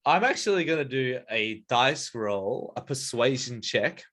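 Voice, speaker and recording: Animated, rambling male game master, casual and chatty. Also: medium pitch, unhurried. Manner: rambling, lots of "like" and "um". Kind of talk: casual tabletop narration.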